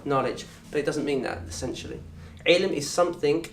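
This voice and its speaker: A man with a southern English accent teaching an Arabic course in a lecture room. He talks in a lively way, quizzes the audience and acts out little scenes. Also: a little high, a little fast, slight background noise. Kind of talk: lecture to an open day audience. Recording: roomy echo from a distant mic.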